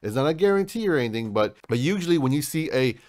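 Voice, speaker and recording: Male crypto vlogger, mid-pitch, pushy and salesy, talks to "folks", close dry mic. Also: big pitch swings, fast, darkish tone, no room sound. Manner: salesy, keeps calling viewers folks. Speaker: crypto channel host. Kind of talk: hyped market commentary.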